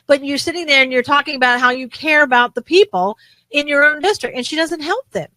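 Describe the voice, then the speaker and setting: A woman co-host talks politics in an animated, indignant rush, often restarting her sentences. Her voice sits a little high and sounds bright and forceful. The recording is dry and close. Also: fairly quick, no room sound, poor audio. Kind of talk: casual political talk show chat.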